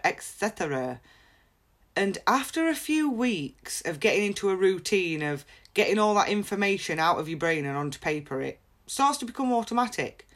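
A woman hosting a podcast, giving candid personal advice in a blunt, frank way and laughing often. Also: mid-range voice. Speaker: podcast host.

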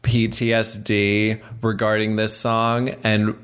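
A man's voice: lowish voice, monotone, takes it slowly, a bit bright, clean tone. A man co-hosting a casual music podcast, explaining his views at length with a few ums along the way. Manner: analytical, explains at length with fillers. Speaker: podcast co-host.

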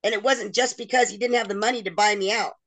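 A woman's voice: mid-range voice, steady tone, fast talker, a bit bright. Middle-aged woman guest, candid and emotional, acts out others' words as she tells her story. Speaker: interview guest.

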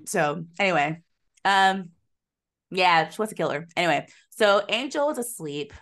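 A woman with a lowish voice co-hosts a podcast and recaps a teen show. She talks in a loose, casual way, laughing often and swearing freely, with lots of "like". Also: animated, moderate pace, fairly bright tone. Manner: swearing, laughing, filler-heavy. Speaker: podcast co-host.

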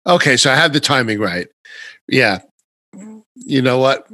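A male podcast host talking in a casual, animated and emphatic way. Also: mid-range voice, unhurried, no room sound. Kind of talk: casual conversation.

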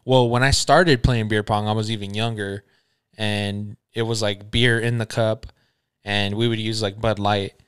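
A man's voice: on the low side, fairly even intonation, a little slow, fairly bright tone, smooth, no room sound, studio quality. A man in his mid-twenties, co-hosting a podcast in casual chat, laid-back and swearing freely in slang. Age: 20s. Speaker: podcast co-host.

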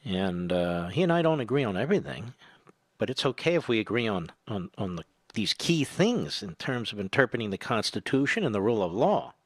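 A man's voice: on the low side, very animated, brisk, no echo. An older man hosting a political talk radio show, delivering a combative, sarcastic monologue that swells to emphatic peaks. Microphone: studio microphone.

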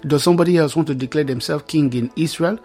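A man's voice: on the high side, fast, a little mellow, soft background music. A man preaching a Bible teaching sermon, reading scripture aloud and explaining it with emphatic repetition.

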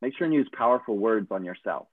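A man's voice: on the low side, lively intonation, fast talker, no room sound. A man, a coach, giving earnest and encouraging advice in a casual chat. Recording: tinny phone-like line, dry.

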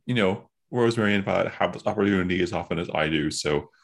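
Thoughtful player, low husky voice. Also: male voice, quick pace. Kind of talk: casual chat.

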